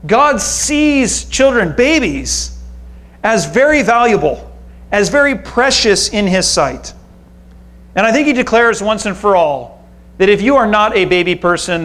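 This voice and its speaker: A man with a noticeably high voice delivers a sermon as a pastor. He preaches in a casual, chatty way and pokes fun at himself. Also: a bit bright. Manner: casual, conversational preaching with self-deprecating humor.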